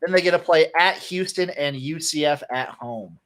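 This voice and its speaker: A man's voice: on the high side, normal speed, a bit bright. A man co-hosting a casual sports podcast, laid-back and opinionated as he talks through college football picks. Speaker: podcast co-host. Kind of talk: casual sports betting chat.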